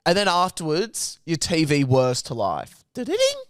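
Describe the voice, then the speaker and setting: A man's voice: fairly high pitch, big pitch swings, unhurried, clean tone, no echo, studio quality. A young man, co-hosting a podcast, playful and jokey with silly sound effects. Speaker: podcast co-host. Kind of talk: casual chat.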